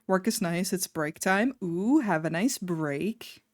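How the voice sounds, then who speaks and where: A woman's voice: on the low side, expressive, slow, dry recording. A woman streaming casually, chatting with her viewers in a rambling, offhand way and swearing now and then.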